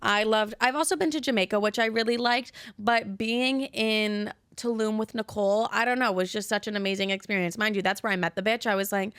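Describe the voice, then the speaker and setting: A young woman in her twenties chats through listener questions on her podcast, swearing freely and gushing about her friends. Her voice is smooth and clear, recorded close and dry with no room sound. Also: mid-range voice, steady tone, brisk, hardly any pauses, fairly bright tone, no room sound. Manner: chatty, candid and profane, gushing about friends. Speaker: podcast host. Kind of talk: casual solo podcast, answering listener questions.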